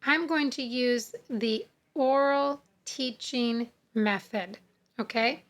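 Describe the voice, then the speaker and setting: A woman teaching English spelling, sounding out words slowly and repeating each rule. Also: on the high side. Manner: slow, deliberate, sounding out words and repeating rules. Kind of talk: phonics lesson.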